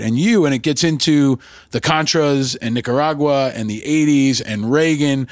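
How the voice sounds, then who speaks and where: A man's voice: medium pitch, no echo. Effusive male podcast host. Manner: effusive, long rambling questions. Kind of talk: interview questions.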